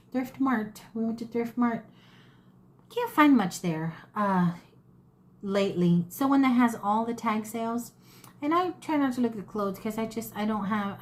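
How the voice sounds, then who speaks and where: A woman's voice: medium pitch, darkish tone. A woman, chatting casually and rambling in a folksy way as she shows off her thrift finds. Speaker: thrift haul vlogger. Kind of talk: casual chat to camera.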